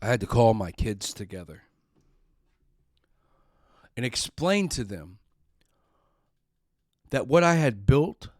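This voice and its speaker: A man's voice: mid-range voice, a little mellow, no room sound, studio quality. A middle-aged man hosting a podcast, telling a personal story in an earnest, emotional way and sometimes repeating words when upset. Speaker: podcast host.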